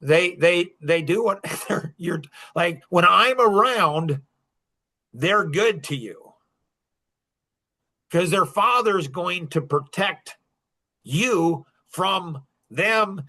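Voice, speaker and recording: A middle-aged man hosts a podcast and tells a personal story to a small circle. His voice is bright and forward and sits a little high. He talks with animated energy and breaks into short chuckles between points. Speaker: podcast host.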